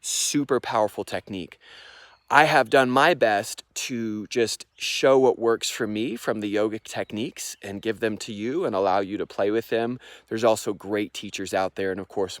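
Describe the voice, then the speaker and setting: A man teaching meditation, talking through breathing techniques in a casual, unhurried way outdoors in the mountains, with pauses, fillers and breathing demonstrations. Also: lowish voice, dry recording. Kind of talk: casual explanatory vlog.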